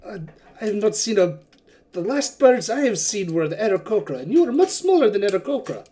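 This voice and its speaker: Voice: medium pitch, very animated, brisk, pitched above the performer's own voice, lightly acted. A game master voicing an outspoken, effusive male merchant prince in a tabletop game. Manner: loud, grand welcoming speeches. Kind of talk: tabletop game role-play.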